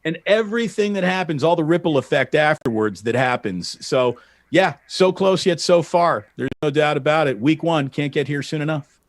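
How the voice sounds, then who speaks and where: A man appearing as a guest on a sports talk show, telling stories in an animated way. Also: fairly high pitch, normal speed, no echo, studio quality. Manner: animated storyteller, laughs often. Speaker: radio sports host guest.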